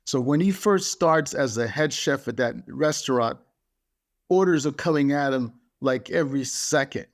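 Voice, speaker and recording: A man's voice: mid-range voice, normal speed. Emphatic man giving a motivational podcast talk. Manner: emphatic, builds points through repetition. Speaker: podcast speaker.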